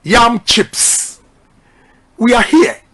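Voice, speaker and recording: A middle-aged man with a Ghanaian accent delivers a campaign speech, pitched noticeably high for a man. He is forceful and emphatic, repeating his key lines so they land with the crowd. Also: very animated, very slow. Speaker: politician.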